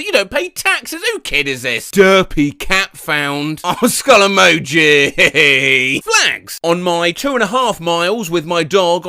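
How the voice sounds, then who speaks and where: A man's voice: high-pitched, pushed and bright, dry recording, clean studio sound. A man giving comedic commentary, reading online posts aloud and putting on silly voices. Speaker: comedy YouTuber.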